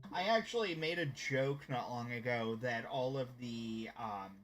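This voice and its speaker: Slow and a bit bright, this mid-range male voice comes with slight background noise. He's an American gamer with a light Southern accent, casually chatting on a live stream in a rambling, hesitant way.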